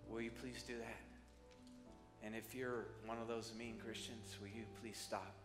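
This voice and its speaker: A man's voice: fairly low pitch, level tone, measured pace. Man preaching in an echoey hall. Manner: shifts from loud exhorting to soft prayerful calls. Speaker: pastor. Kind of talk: sermon. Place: church sanctuary. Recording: echoey church hall with music behind.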